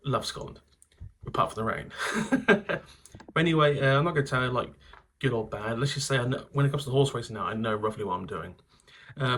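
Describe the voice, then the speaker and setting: A man's voice: mid-range voice, a bit bright. A man hosting his channel, telling rambling stories, swearing and laughing at himself. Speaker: channel host. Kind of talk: casual anecdotal vlog.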